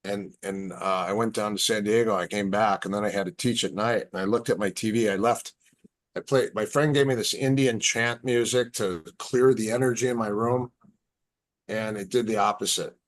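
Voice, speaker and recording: A man's voice: fairly low pitch, moderate pace. A man in casual podcast chat, telling stories and acting out the dialogue. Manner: relaxed storyteller, acts out quoted dialogue. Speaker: podcast guest.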